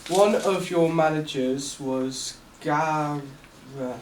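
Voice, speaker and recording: A man's voice: on the high side, takes it slowly, a little mellow, echoey room, far from the mic, a little hiss or hum, rough recording. A man co-hosting a podcast, asking questions hesitantly and stumbling over names. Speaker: podcast co-host. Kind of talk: interview questions.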